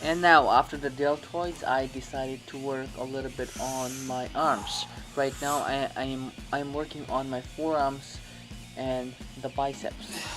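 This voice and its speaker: Rambling man coaching gym exercises. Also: mid-range voice. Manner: rambling, many restarts and self-corrections. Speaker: fitness vlogger. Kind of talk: casual workout instruction.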